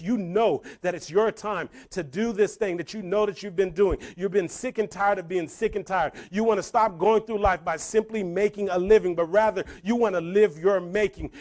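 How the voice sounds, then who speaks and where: Motivational speaker, male, high pitch, storyteller who repeats lines and swells to big loud climaxes. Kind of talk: motivational speech to a live audience. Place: room full of people.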